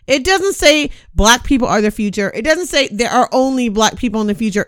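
Woman podcast cohost, super lively voice, cussing and fed up. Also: high-pitched, fairly quick, few pauses, dry recording, studio quality. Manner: animated, profane, exasperated. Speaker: podcast co-host. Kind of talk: casual chat.

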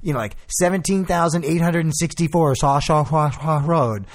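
A man in casual chat, telling profane, animated stories and doing quick voices. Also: on the high side.

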